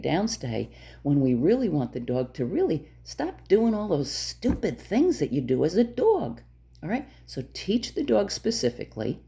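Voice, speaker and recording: A woman's voice: sits low, vocal fry, mellow. A woman dog trainer giving direct, emphatic instructions to camera, repeating her key points.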